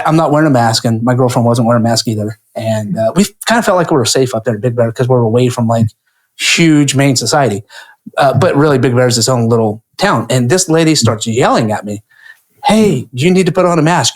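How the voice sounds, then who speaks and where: A man from California, a podcast guest, telling a profane story in casual, animated chat. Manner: swings to high pitch when riled.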